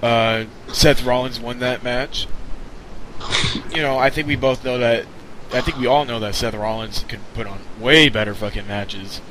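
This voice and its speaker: A man's voice: mid-range voice, normal speed, a bit bright, slight background noise, poor audio. A man hosting a wrestling podcast in casual chat, laid-back and swearing freely. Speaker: podcast host.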